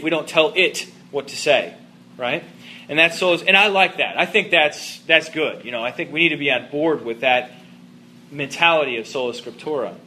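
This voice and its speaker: A man teaches a class in a loose, chatty lecture style, often asking his listeners if they follow. His voice sits a little high and sounds bright and pushing. He speaks to a live audience in the room. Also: slight background noise. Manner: conversational, checks in with listeners, frequent fillers. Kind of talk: informal lecture.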